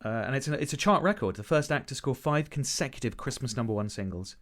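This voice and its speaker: A man co-hosting a casual music podcast, teasing his friend in a deadpan, mock-insulting way. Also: medium pitch, fast talker. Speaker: podcast co-host. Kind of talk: casual banter.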